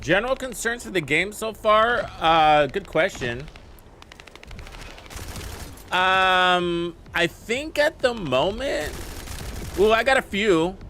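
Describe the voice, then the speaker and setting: A man's voice: high-pitched, expressive, takes it slowly, sharp tone, slight background noise. A man casually commenting on his gameplay and chatting about the game with viewers in a laid-back way. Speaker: gaming streamer.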